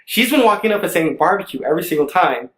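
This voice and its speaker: A young man casually telling a funny travel story to camera, animated and exasperated, with comic emphasis. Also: a little high, quick pace. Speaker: storyteller vlogger. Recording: roomy room with faint background music.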